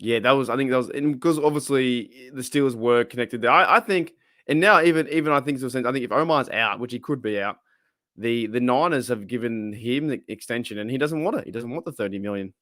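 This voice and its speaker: Aussie bloke hosting a fan stream, dry sound, rambles and restarts a lot. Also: male voice, medium pitch, a little fast, a bit bright, dry recording. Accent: Australian. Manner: rambling, restarts often, reads viewer comments aloud. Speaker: podcast host. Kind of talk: casual livestream chat. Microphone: livestream microphone.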